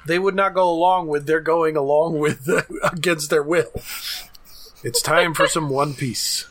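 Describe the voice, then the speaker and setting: A podcast co-host in casual chat, relaxed and wry, often trailing off mid-thought. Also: mid-range voice, a little slow.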